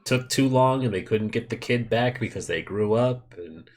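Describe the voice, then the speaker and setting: A man's voice: mid-range voice, moderate pace. A man playing a tabletop game, chatting casually with joking, chuckling banter. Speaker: player.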